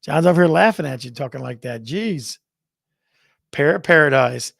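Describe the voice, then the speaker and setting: This host of a real estate livestream chats casually and playfully, reading out the chat and counting down contests. His higher voice is lively in intonation, a bit bright, creaky, and slightly rough, delivered at normal speed in a dry, clean studio recording.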